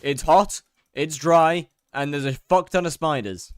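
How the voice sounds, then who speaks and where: A man's voice: on the high side, unhurried, smooth, no room sound. A young British man chatting casually on a live stream while gaming, rambling and mocking himself as he reads out chat.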